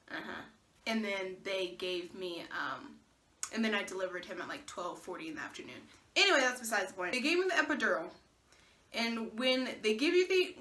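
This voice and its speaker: A young woman vlogger telling a personal story in a casual, animated way, acting out the dialogue with laughs and swearing. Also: on the high side.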